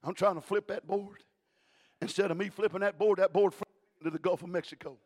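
A male pastor preaching a sermon in a rhythmic cadence, adding "uh" after each phrase and swinging between shouting and hushed tones. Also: high-pitched, steady tone, brisk.

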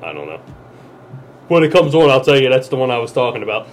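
A man's voice: medium pitch, very animated, fast talker. A man co-hosting a podcast, telling crude stories in loose, profane casual chat. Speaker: podcast co-host.

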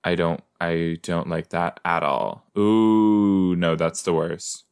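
A man with a deep, low voice hosts a casual watch-along podcast. He takes his time, reacting out loud with quick exclamations and groans of disgust. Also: steady tone, smooth. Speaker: podcast host.

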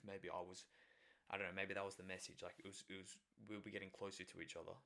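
A man's voice: sits low, fairly bright tone. A man casually recounting a personal experience, rambling with many fillers and self-corrections. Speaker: storyteller.

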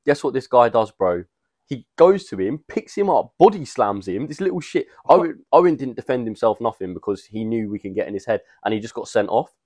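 A man's voice: medium pitch, very animated, brisk, a little mellow, dry recording. A young man, co-hosting a podcast and telling rambling stories full of slang. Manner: rambling storytelling with fillers and slang. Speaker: podcast co-host. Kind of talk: casual chat.

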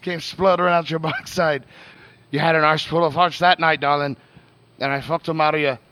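A man putting on a lusty letter-writer, reading his lewd words with theatrical flair and a fairly high, lively voice. He keeps breaking up with laughter between phrases. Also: measured pace, vocal fry, heavily acted. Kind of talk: dramatic reading.

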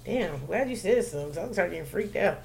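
A woman telling a story in casual chat, profane and animated, with loud bursts of laughter. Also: fairly low pitch, quick pace, creaky, a little hiss or hum. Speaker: podcast co-host telling a story.

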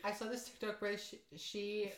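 A young woman in her twenties co-hosting a podcast in casual chat, with wry, dry jokes and quick interjections. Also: medium pitch, flat delivery. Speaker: podcast co-host. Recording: echoey room.

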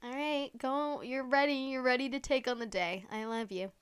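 A woman's voice: high-pitched, fairly even intonation, normal speed, fairly bright tone, smooth. A young woman hosting her own podcast, chatting casually on her own, gushing and full of "like" fillers, with playful, teasing asides. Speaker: podcast host. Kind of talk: casual solo podcast chat.

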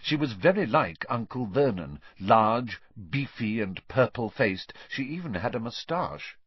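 Husky, lively male storyteller. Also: mid-range voice, measured pace, no echo, dull audio. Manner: expressive storytelling. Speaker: audiobook narrator. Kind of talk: scripted narration.

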